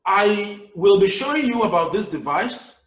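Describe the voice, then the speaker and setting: A man with a Nigerian accent giving a public speaking webinar over a video call, lively and acting out his examples. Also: high-pitched, unhurried. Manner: animated, acts out examples. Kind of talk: webinar lecture. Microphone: video call camera mic. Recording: echoey room, voice distant from mic.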